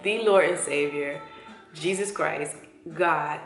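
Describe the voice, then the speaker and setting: A woman speaks in a casual, heartfelt, chatty vlog voice, excited as she talks to viewers. Her voice sits a little low for a woman. The sound bounces around an echoey room, with faint music underneath. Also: slow. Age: 40s. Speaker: esthetician. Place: her empty new salon studio.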